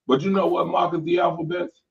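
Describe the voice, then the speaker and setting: A man's voice: sits high, fairly even intonation, quick pace, creaky, far from the mic, highs cut off. A man hosting a late-night sports show, joking and laughing in a laid-back way. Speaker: show host. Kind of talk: casual sports talk.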